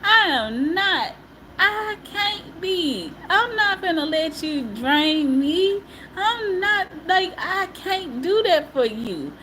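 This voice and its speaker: High, lively-voiced woman venting on a livestream. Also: slight background noise, low-quality recording. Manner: emphatic and repetitive, often laughing; casual colloquial speech. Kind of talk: emotional live-stream monologue.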